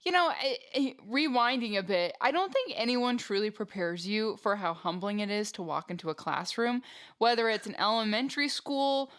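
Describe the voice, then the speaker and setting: A woman hosting a podcast interview, speaking in measured, articulate sentences while setting up her next question. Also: on the high side, animated, a bit bright, clean tone. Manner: measured, articulate, frequent backchannel laughs. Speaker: podcast host, former rodeo queen.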